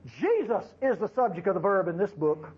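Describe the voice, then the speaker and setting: A man's voice: high voice, expressive, normal speed, slightly rough, highs cut off. A man preaching a sermon to his congregation in a folksy, conversational way, with frequent asides to the listeners. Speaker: pastor.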